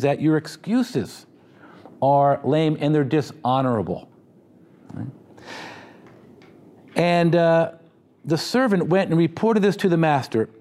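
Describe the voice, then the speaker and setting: A man's voice: fairly high pitch, mellow. Joking conversational male preacher. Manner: humorous, conversational preaching with asides. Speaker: pastor. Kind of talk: sermon.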